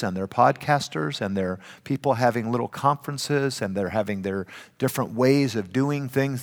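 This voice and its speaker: Older guy preaching a sermon, goes loud then hushed, long echo off a big hall. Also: mid-range voice. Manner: emphatic preaching, swings between loud and hushed. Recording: reverberant hall.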